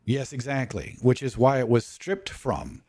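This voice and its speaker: A man's voice: mid-range voice, unhurried, dark tone, no room sound, clean studio sound. A man in casual talk, lecturing and walking through his points one by one.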